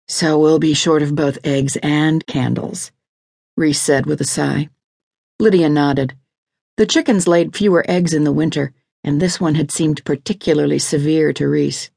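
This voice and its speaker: A woman reading a historical mystery audiobook in a steady, even narration at a close studio mic. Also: deep voice, gravelly, no room sound. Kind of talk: scripted narration.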